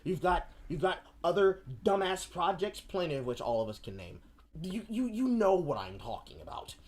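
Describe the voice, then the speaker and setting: Animated, profane woman ranting on stream. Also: on the low side, moderate pace. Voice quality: profane, animated, slips into mocking voices. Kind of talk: casual ranting commentary.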